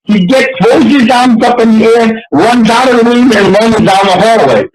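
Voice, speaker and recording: Male stand-up comic with a high voice telling a story and acting out the voices, recorded in an echoey room. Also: normal speed, over a noisy crowd. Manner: animated, acts out the voices of people in his story. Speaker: stand-up comedian. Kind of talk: storytelling anecdote.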